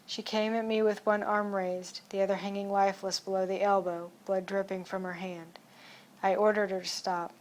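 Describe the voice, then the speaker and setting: A woman reading a first-person audiobook chapter in a steady, even storytelling manner. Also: mid-range voice, moderate pace. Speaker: audiobook narrator.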